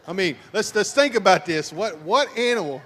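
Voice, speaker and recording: A pastor runs a couples game show from the altar, teasing and joking with the crowd. His voice sits a little high for a man. It rings out with a long reverb through the church sanctuary. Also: animated, moderate pace, pushed and bright. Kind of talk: playful game show hosting.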